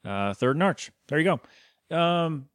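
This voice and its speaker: A man's voice: a little high, expressive, measured pace, clean tone, no room sound, clean studio sound. A man co-hosting a podcast, recapping a cartoon episode in casual chat, rambling and correcting himself as he goes. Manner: rambling, self-interrupting storytelling. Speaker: podcast co-host.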